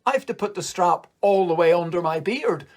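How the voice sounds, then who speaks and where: A Northern Irish man tells a rambling comic story in a slightly higher-than-usual voice. He swears freely and leaps up in pitch on his punchlines. He is performing for an online comedy show. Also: animated, fairly quick. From Northern Ireland. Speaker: stand-up comedian. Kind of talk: stand-up storytelling.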